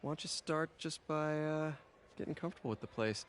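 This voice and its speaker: A man's voice: on the high side, brisk, slight background noise, lightly acted. An actor playing a friendly young man who reassures a newcomer and jokes lightly, in a video game cutscene. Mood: reassuring. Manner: warm, reassuring, joking.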